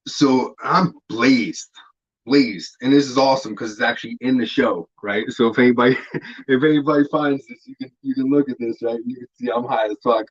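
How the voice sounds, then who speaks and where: A man as an interview guest, telling stories in a laid-back, rambling way, swearing freely and filling pauses with "um" and "like". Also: medium pitch, steady tone, slightly rough, lo-fi sound. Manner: laid-back, profane, rambling with many fillers. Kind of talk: casual storytelling interview.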